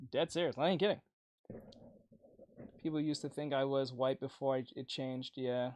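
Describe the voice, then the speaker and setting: A young man with a boyish, youthful-sounding voice, rambling through a casual livestream chat. He laughs often and peppers every thought with filler words and swearing. His voice sits at an ordinary pitch for a man and is recorded dry, with no room sound. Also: fairly even intonation, unhurried, darkish tone, no room sound.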